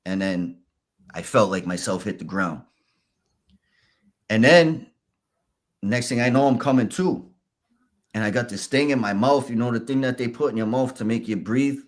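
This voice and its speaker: A man, a podcast guest, telling his story candidly in a halting, casual way. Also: medium pitch. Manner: candid, halting, restarts and fillers.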